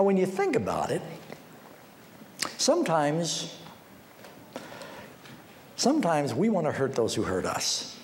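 A darkish-toned man preaches as a pastor, narrating stories and voicing the people he quotes with wide swings in pitch. Afterward he appeals personally and pleadingly to the congregation. Hall reverb and a little background noise color the recording.

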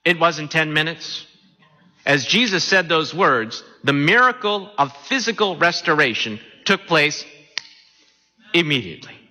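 A man preaching a sermon, animated and often asking his listeners questions. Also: a little high, unhurried. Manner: animated, asks the congregation questions. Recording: long hall reverb.

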